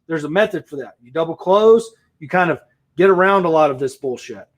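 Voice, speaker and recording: A man's voice: fairly high pitch, lively intonation, brisk. A man, a real estate investor, giving a blunt, profane opinion rant to camera with emphatic repetition.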